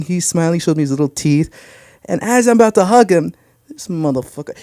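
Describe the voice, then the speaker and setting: A man's voice: sits high, brisk, mellow, no echo, studio quality. A young man telling crude, brash stand-up stories about his family on a comedy club stage. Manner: brash storytelling, crude punchlines.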